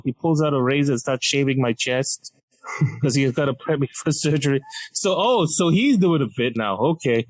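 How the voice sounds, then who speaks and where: A man's voice: medium pitch, moderate pace, poor audio. A young man from Malaysia, a comedian telling a story on a podcast and acting out the other people in it. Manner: animated, acts out voices of doctors and nurses. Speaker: comedian guest.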